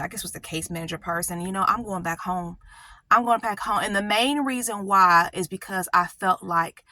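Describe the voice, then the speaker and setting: A woman talks straight to her viewers in a bright, tense voice. She tells her own story with strong feeling, repeats phrases for weight and keeps checking in with "right?". The sound is close and dry. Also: mid-range voice, no echo. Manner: emotional, repeats phrases for emphasis; conversational, asks "right?" often. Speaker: channel host. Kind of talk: personal storytelling monologue.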